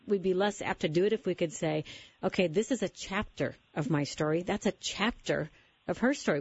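Husky-voiced woman hosting Christian talk radio. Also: lowish voice, a little mellow, no room sound, dull audio. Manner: earnest, reflective, affirming. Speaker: radio talk show host. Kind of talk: conversational Christian radio interview.

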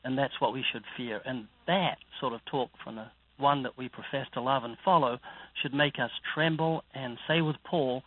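A man's voice: medium pitch, fairly even intonation, normal speed. A man with a New Zealand accent, an evangelist speaking earnestly and preaching in an interview. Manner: earnest, preacherly, vivid storytelling. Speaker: evangelist guest. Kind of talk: interview about faith. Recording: dry phone-like line.

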